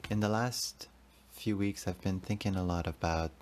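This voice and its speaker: A man's voice: deep voice, steady tone, moderate pace. A man in his thirties, hosting a podcast as a rambling, profane, confessional solo monologue. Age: 30s. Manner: rambling, profane, emotional, talks to himself. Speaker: podcast host.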